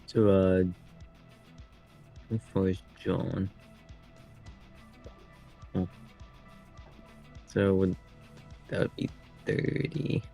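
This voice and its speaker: A man's voice: low voice, flat delivery, extremely slow, creaky, pauses often, warm tone, faint music behind. A man playing a tabletop game, musing aloud as he works out his move. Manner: musing, working things out aloud. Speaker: player.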